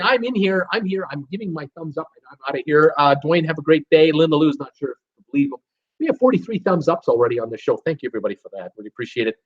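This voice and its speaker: Chatty man hosting a live stream. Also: fairly high pitch. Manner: chatty, lots of uh fillers, reads viewer comments aloud. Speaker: host of a live cruise show. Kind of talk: casual live-stream chat. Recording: dull lo-fi stream audio.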